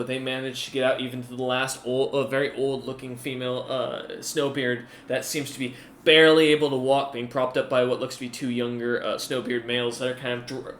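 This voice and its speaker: Bright sounding guy running a tabletop game, lots of ums, echoey room. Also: mid-range voice. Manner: rambling, filler-heavy narration. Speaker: game master. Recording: roomy echo.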